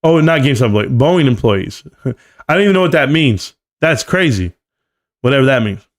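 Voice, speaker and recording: A man in his forties hosting a relaxed live stream. He talks in a loose, slangy, joking way and reads viewer comments aloud as they come in. His voice sits at an everyday middle pitch. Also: brisk. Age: 40s. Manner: loose and joking, slangy, often says "bro".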